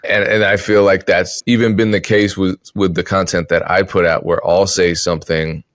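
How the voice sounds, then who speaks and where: A deep-voiced man talks through his argument in a casual podcast style, often stopping to rephrase himself. His voice sits very low and the recording is dry and close. He picks up energy whenever he lands a point. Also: dry recording. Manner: thoughtful, self-correcting, animated when making points. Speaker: podcast host, music producer. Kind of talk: casual opinion talk.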